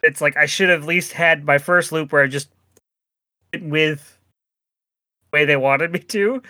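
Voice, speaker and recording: A man's voice: a little high, moderate pace, bright, forceful tone, no echo. A man chatting casually as a podcast co-host, rambling with many restarts and frequent laughs. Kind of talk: casual chat.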